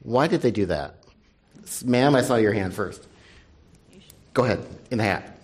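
Guy running a news quiz at a panel event, quick and dry, quiet little asides. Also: on the low side, expressive. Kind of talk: live panel event hosting.

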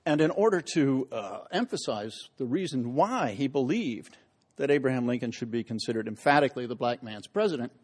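A man's voice: medium pitch, expressive, a little fast, slightly rough. A middle-aged man giving a public history lecture, telling stories with wry asides and dramatic emphasis.

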